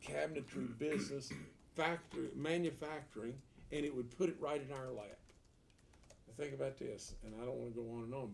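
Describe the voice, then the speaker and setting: A man's voice: medium pitch, gravelly, darkish tone, a little hiss or hum. A man, a political candidate answering an editorial board in a folksy, emphatic way, repeating words and asking rhetorical questions. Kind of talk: unscripted interview answer. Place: meeting room around a table.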